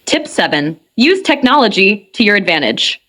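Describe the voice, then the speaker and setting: A woman reading a scripted English lesson for beginners in a clear, measured way. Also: medium pitch, big pitch swings, sharp tone. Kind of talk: scripted instructional narration.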